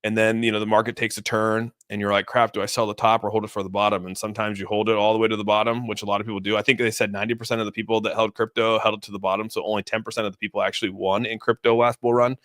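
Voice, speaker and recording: A man's voice: lowish voice, level tone, very fast, hardly any pauses, a bit bright, dry recording, clean studio sound. A man streaming live, talking casually through crypto charts and reading out viewer messages in a loose, chatty way. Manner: loose and chatty, many restarts, reads donor messages. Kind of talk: casual livestream chart commentary.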